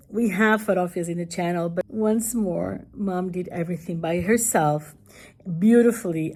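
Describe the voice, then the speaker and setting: A hoarse woman with a Portuguese accent, chatting casually through a home cooking vlog with her mother. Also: fairly low pitch, a little mellow. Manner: chatty, self-deprecating. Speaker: vlogger. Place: home kitchen.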